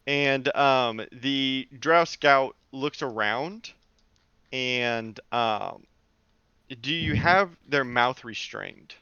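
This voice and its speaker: A man narrating as game master of a tabletop game, slow and unhurried, with frequent ums and laughs. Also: medium pitch, bright, forceful tone, clear, resonant tone, no room sound, lo-fi sound.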